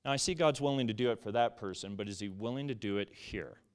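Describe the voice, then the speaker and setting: Animated male preacher with a clear voice. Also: fairly low pitch, quick pace. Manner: animated, reads scripture aloud then explains. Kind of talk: sermon. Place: church.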